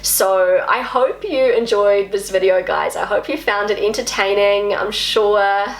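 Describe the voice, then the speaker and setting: A mid-range, steady voice at a measured pace belongs to a woman vlogging about language in a roomy space. Native to English, she chats to camera in a self-deprecating way and says words over again as she practises.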